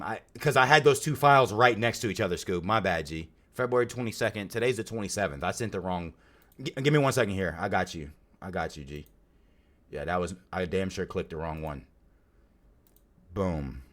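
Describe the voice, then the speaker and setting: A man's voice: fairly low pitch, a bit bright. A young man hosting a live stream, chatting casually and greeting viewers by name in slangy talk. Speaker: streamer and podcast host.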